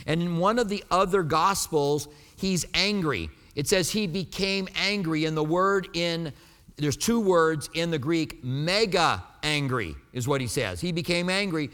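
Male pastor preaching with a lively, emphatic delivery in a reverberant hall. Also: a little high, a little slow. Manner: emphatic, conversational Bible teaching. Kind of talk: sermon.

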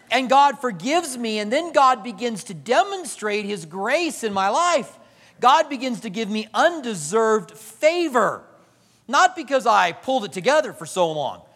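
Male pastor, high voice, animated sermon, long reverb. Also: unhurried. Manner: animated preaching, acting out quoted voices, swings from loud to hushed.

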